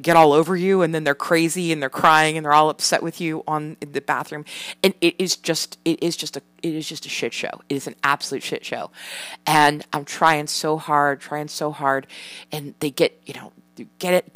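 A woman's voice: deep voice, a bit bright, no room sound. A mother venting in a candid personal vlog. She rambles frankly, swears a lot, and fills her talk with ums, restarts and "you know". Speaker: parent.

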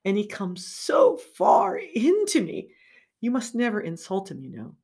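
A woman voicing an aristocratic lady lover, speaking softly and tenderly in a raised, lilting voice. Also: medium pitch, wildly swooping pitch, unhurried, vocal fry, husky, pitched above the performer's own voice, exaggerated voice.

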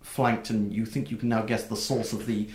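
A man narrating a tabletop game as game master, describing scenes with many pauses and fillers. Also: lowish voice, level tone, a little mellow. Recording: echoey room.

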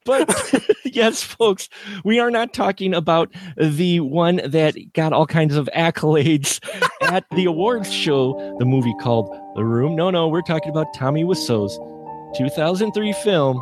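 A man's voice: fairly high pitch, animated, a little slow, over music. A man hosting a casual podcast chat who introduces his guests playfully and laughs often. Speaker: podcast host.

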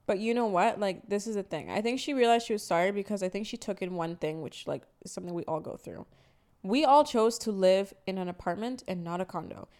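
A woman in her twenties co-hosting a podcast, chatting casually and telling animated stories with acted-out quotes. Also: medium pitch, brisk. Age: 20s. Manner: animated storytelling, acts out quotes. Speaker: podcast co-host. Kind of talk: casual chat.

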